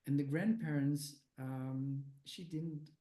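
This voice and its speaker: An older man being interviewed as a guest, speaking haltingly with many fillers and restarts. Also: fairly high pitch, steady tone, dark tone, poor audio. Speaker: guest researcher of near-death experiences. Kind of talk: conversational interview answers.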